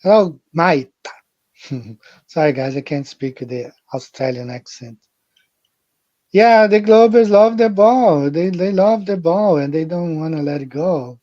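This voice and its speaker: Man host, live-stream chat, unhurried, repetitive, mellow voice, dry muffled audio. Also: on the high side, dry recording. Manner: rambling, repeats phrases, addresses viewers directly. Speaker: livestream host. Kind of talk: casual live-stream talk.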